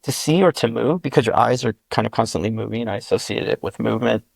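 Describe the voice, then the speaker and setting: A gravelly-voiced linguist, a guest explaining his constructed language, speaks fast at medium pitch with no echo. He works methodically through it step by step, patiently spelling out each sound with examples.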